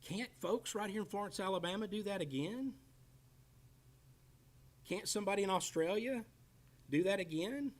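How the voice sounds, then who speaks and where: A man in his fifties with a drawl leads a Bible class. His voice sits high for a man. He jokes, teases, and calls on people in the room as he talks. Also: moderate pace, pauses often. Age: 50s. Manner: joking, animated, teasing the class by name. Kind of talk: casual Bible class teaching.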